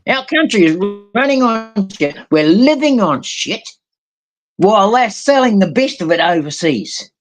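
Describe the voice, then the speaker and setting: A live voice chat guest with a mixed New Zealand and Australian accent speaks at a measured pace in a high-pitched voice with big pitch swings. He's casual yet heated and rambling, swearing often and tailing off into many fillers.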